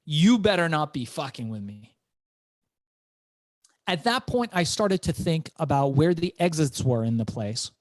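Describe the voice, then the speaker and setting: A middle-aged man, an entrepreneur guest, telling his story in an animated interview and repeating words as he goes. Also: on the high side, no echo.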